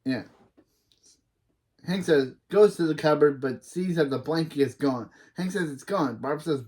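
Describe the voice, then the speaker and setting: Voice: mid-range voice, measured pace, pauses often, darkish tone. A reaction video host casually retelling a cartoon episode, rambling and restarting sentences.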